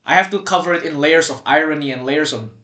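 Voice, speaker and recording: A man's voice: fairly high pitch, fast, pushed and bright. Teen guy rambling on a podcast, lots of likes and restarts, roomy echo. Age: teens. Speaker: podcast co-host. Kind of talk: casual chat. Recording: echoey room.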